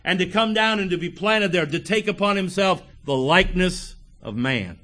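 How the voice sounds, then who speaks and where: A man preaching a sermon, reading scripture and acting out the characters' lines with emphatic pauses. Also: sits high, expressive, sharp tone, soft background music. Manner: earnest preaching with emphatic pauses, acts out quotes; reads scripture in old-fashioned wording.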